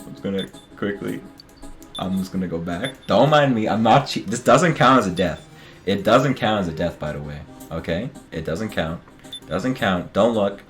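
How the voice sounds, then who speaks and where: Man, game streamer, casual commentary, joking asides, lively swooping pitch, faint music underneath. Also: normal speed. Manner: joking, muttering asides to viewers.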